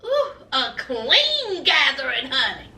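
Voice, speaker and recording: A sassy woman dishes celebrity gossip with a high, lively voice that swoops up and down. She takes her time, stretches her words and calls everyone honey. She sits a little back from the mic in an echoey room. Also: recorded from a distance, very noisy. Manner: sassy, drawn-out, says "honey" often. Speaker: host. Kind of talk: gossip commentary vlog.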